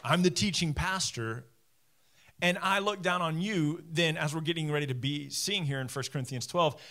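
Animated pastor preaching from the stage. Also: male voice, a little high, moderate pace. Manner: conversational, animated, talks straight to listeners; self-deprecating humor. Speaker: teaching pastor. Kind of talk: sermon. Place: church stage.

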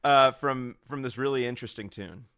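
A man's voice: mid-range voice, a little fast, a bit bright, smooth, no room sound, studio quality. A man hosting, reading out a guest introduction and then interviewing, with small stumbles and restarts. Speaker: host.

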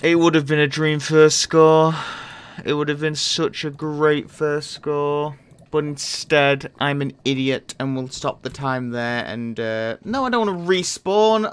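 A man giving casual gameplay commentary as a YouTuber, excitable and self-mocking, bursting into loud outbursts. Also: fairly high pitch, unhurried, clean tone, soft background music. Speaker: gaming YouTuber.

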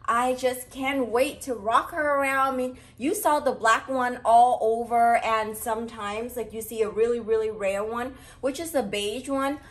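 Girl vlogger unboxing a bag, super excited, rambly, kinda high voice. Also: normal speed, few pauses. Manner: gushing, breathless, heavy on fillers. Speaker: fashion vlogger.

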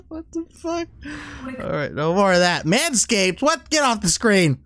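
Excitable man with lively pitch. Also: measured pace, no echo. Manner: excitable, laughing, swearing, talks to the game. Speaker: gaming YouTuber. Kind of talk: let's-play commentary. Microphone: headset.

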